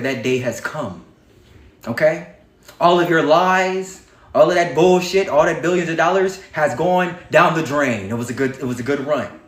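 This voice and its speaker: A man hosting a livestream, giving a defiant, preachy monologue full of swearing. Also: a little high. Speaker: livestream host. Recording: echoey room.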